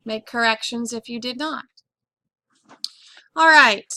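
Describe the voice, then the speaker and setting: Slow, bright-voiced woman teaching phonics. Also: fairly high pitch, dry recording. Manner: patient, slow, questioning, repeats words for pupils. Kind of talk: classroom phonics lesson.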